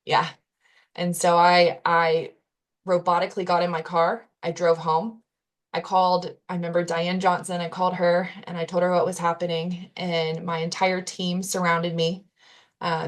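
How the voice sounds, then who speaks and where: Earnest woman, low voice, candid storyteller. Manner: earnest, candid retelling with frequent "like" and restarts. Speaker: podcast guest. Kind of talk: personal storytelling in a podcast interview.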